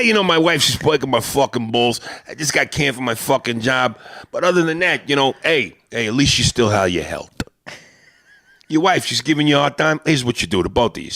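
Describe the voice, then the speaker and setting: Male comic doing a brash, foul-mouthed older Italian-American New Yorker, gravelly and animated. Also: mid-range voice, no room sound, clean studio sound. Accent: Italian-American New York. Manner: brash, profane storyteller. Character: brash old-school Italian-American man, crude and blunt.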